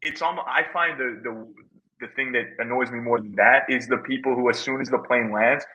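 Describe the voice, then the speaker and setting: A man's voice: medium pitch, sharp tone, rough recording. A man co-hosting a podcast, asking questions and stumbling over restarts as he talks. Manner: asks questions, halting restarts. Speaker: podcast co-host. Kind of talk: casual podcast chat.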